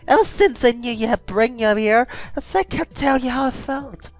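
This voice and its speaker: A man voicing a shy, lovelorn drawn young woman in a fan story reading, pitched high and earnest. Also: animated, moderate pace, faint music behind.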